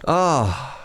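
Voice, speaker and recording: Lively chatty male streamer. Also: fairly high pitch. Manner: chatty, laughs often, reads out chat names. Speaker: streamer playing an incremental game. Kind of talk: casual live-stream chat with viewers. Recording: faint game music underneath.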